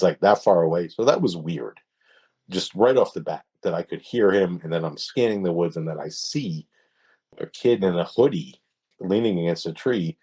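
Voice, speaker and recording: Husky low-voiced man telling a story. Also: darkish tone. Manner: hesitant, halting, with many restarts. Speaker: podcast guest. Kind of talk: casual storytelling.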